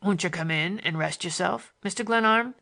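A woman voicing a sly, grinning man with a broad Western American drawl, pitched lower than her own voice, in a storybook reading. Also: normal speed, creaky, pushed and bright. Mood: mocking drawl.

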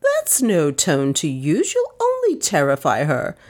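A woman's voice: on the high side, wildly swooping pitch, slow, darkish tone, voice pushed up, full character voice. A woman voicing an older aunt who speaks firmly, icily and indignantly. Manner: icy, firm, indignant. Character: imperious older lady, icy and firm.

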